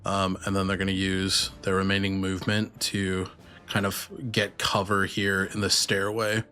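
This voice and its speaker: A man running a tabletop game as game master, narrating rules and moves in an unhurried, casual way. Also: deep voice, completely flat delivery, pushed and bright.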